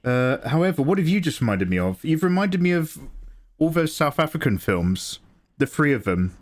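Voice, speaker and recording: Jokey young male streamer chatting as he draws, animated delivery. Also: on the high side, normal speed. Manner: chatty, jokey, laughs often. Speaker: livestream host. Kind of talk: casual chat while drawing.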